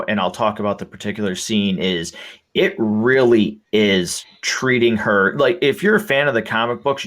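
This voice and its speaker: With a lowish, fairly bright voice, this man hosts a podcast in an easygoing, enthusiastic way. His talk wanders, packed with fillers and frequent restarts.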